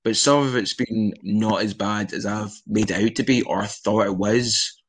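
A man's voice: lowish voice, fairly even intonation, normal speed, a little hiss or hum. A young Scottish man chatting casually in an interview, rambling with frequent restarts and swearing. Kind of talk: casual conversation.

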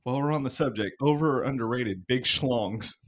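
A man's voice: mid-range voice, brisk, fairly bright tone. A young man hosting a casual chat with friends, teasing and playful, stumbling into jokes.

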